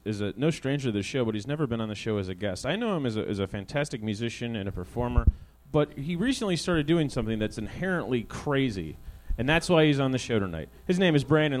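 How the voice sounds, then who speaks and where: A man's voice: mid-range voice, expressive, fast, a little hiss or hum. A young man hosting a live comedy talk show, riffing through a crude, sarcastic stand-up monologue on a stage microphone. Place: small live comedy venue. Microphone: handheld stage microphone.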